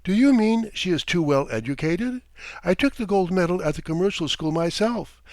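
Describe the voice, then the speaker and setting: A man voicing a drunk, bitter, distrustful rich merchant, loud and blustering. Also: sits high, expressive, normal speed, dry recording, voice pushed up. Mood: brooding. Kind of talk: audiobook character reading.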